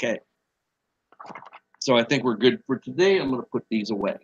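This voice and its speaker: A man's voice: mid-range voice, expressive, a little fast, muffled recording, a little hiss or hum. A man co-hosting a podcast in casual chat, swearing freely and reading quotes aloud as a quiz. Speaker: podcast co-host.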